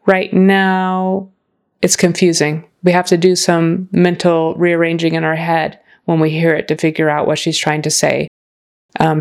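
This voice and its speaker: Lady tutor, lowish voice, slow and patient, says phrases over and over. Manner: patient, explains slowly, models phrases aloud. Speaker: accent and grammar coach. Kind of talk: reviewing a student's recording.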